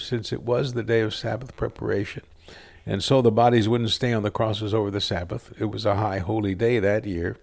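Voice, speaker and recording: A man reading a scripture passage aloud in a steady, earnest storytelling manner. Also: mid-range voice, gravelly. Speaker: scripture reader.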